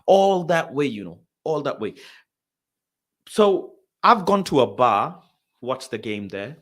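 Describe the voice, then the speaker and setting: Taking it slowly, a young man hosts and narrates a story, very animated throughout. His slang-filled, casual speech shifts from loud exasperation to low grumbling.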